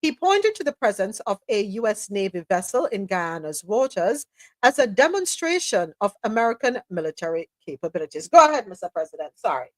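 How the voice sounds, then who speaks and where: A woman's voice: medium pitch, sing-song, a little fast, no room sound. A woman hosting a live news talk show, reading articles aloud and adding sarcastic asides. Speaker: host.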